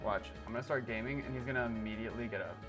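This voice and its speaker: Talking very fast in a medium-pitched voice, a young man chats casually on a live game stream from his desk at home. He pleads with his cat in exasperation while game music plays.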